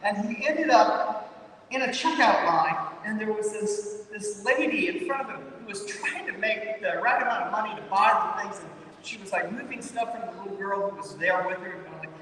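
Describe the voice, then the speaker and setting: A pastor with a high voice preaches to his church in a loose, chatty way, circling back on his words. The sound is taken from far off and rings through a large, echoing sanctuary. A faint rumble runs underneath. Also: animated, normal speed, a bit bright. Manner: conversational, repeats himself, lots of "you know" and "maybe". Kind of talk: sermon.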